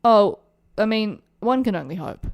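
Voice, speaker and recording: A woman's voice: medium pitch, animated. A woman co-hosting a casual podcast chat, wry and sarcastic. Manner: wry, sarcastic, quick with jokes. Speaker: podcast co-host.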